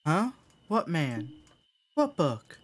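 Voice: mid-range voice, big pitch swings, very slow, voice pushed up, heavily acted. A streamer voicing a tired, hardworking mother in a horror game, with a put-on folksy drawl and a singsong chant. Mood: scolding. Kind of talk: game voice acting.

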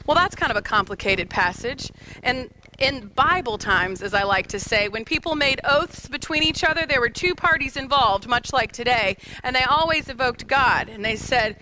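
A woman's voice: high voice, lively intonation, normal speed, bright, forceful tone, a little hiss or hum, low-quality recording. A woman pastor in her thirties preaching a sermon in a church, telling stories with light humor and speaking directly to the kids. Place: church sanctuary.

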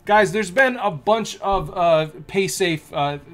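A man hosting a casual stock market video, reading news aloud and rambling excitedly between the lines. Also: high voice, takes it slowly, soft background music. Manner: excitable and rambling, with many restarts and asides.

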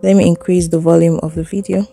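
A woman's voice: on the low side, little pitch movement, quick pace, gravelly, mellow, soft background music. A woman giving a chatty, step-by-step editing tutorial, seated indoors and recorded on a phone. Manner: chatty step-by-step explaining, little laughs. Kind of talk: casual screen tutorial.

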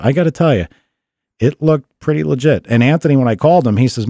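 A man's voice: fairly low pitch, fast talker, no room sound, studio quality. A man hosting a casual car-racing podcast, telling stories in a loose, profane way. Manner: profane, animated storyteller. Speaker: podcast host. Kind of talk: casual chat. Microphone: studio mic.

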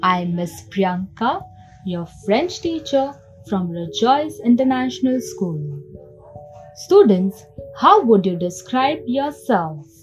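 Woman, teacher, very slow, spells words letter by letter, animated pitch, faint music behind. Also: poor audio. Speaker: French teacher. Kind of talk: slow classroom lesson, spelling words aloud.

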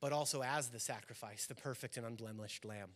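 A man's voice: mid-range voice, fairly quick, fairly bright tone. A man preaching a sermon as pastor in a church, earnest and building emphasis on key lines. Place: church sanctuary.

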